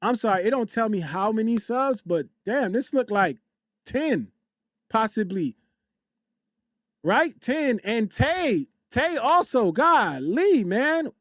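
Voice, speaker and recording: Male streamer, high voice, dry close sound; casual slangy chat-reader who repeats himself and shouts out viewers. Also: very animated, slow pace, dry recording. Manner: loose slangy banter, repeats phrases, frequent shout-outs. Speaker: livestream host. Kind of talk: casual livestream commentary, reading chat aloud. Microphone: desktop USB condenser mic.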